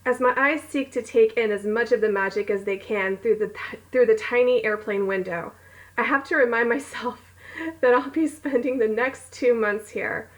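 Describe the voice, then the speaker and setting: A woman's voice: on the high side, moderate pace, low-quality recording. A woman reading her own romance novel aloud at home, breaking off for giggly, rambling, self-mocking asides. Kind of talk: casual read-along with chatty asides.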